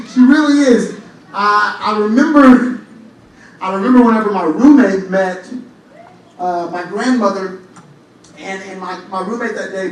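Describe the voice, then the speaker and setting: A young man preaching a lively sermon, telling stories with humor and rising to shouts at times. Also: sits high. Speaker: church speaker. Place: large church hall. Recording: echoey hall, from far off, faint noise.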